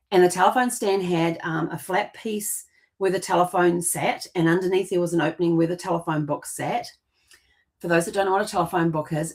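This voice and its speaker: Brief: middle-aged New woman, lower voice, chatty storyteller who restarts often. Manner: chatty, rambling, with frequent restarts and laughs. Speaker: genealogy podcast host. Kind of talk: casual storytelling monologue.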